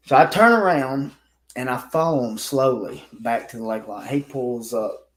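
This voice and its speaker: A man's voice: mid-range voice, normal speed, fairly bright tone, low-quality recording. A man telling a story in a casual podcast chat, talking bluntly with a lot of swearing. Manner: rough, informal speech. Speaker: guest telling stories from law enforcement work.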